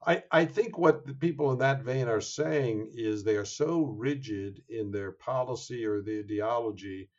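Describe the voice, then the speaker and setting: A man being interviewed as an author, talking in a measured, thoughtful way with frequent fillers and restarts. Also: medium pitch. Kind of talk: interview conversation. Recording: dull lo-fi sound.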